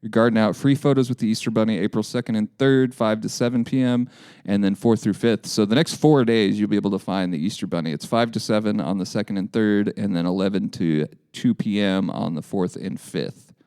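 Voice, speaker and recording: A man's voice: fairly low pitch, steady tone, a little fast, dark tone, smooth, no echo, studio quality. A man co-hosting a local news podcast in casual, joking chat, often correcting himself as he goes. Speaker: podcast co-host.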